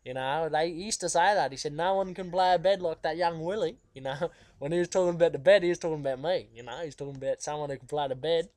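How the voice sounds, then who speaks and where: A man's voice: a little high, fast, darkish tone, no room sound, close to an everyday voice. A man with an Australian accent playing a cheeky, laid-back guitarist who rambles in slang in a comic interview. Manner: rambling, slangy, full of fillers. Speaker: musician being interviewed. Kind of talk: comedic character interview.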